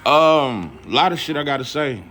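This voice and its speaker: A man's voice: mid-range voice, animated, normal speed, pushed and bright, slight background noise. A man vlogging about boxing in a casual, rambling, profane rant full of fillers.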